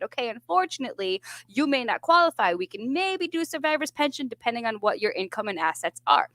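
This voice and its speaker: A woman chatting on a radio show as a veterans benefits advocate, telling an animated story and swearing freely. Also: on the high side, no room sound. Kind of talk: casual radio chat.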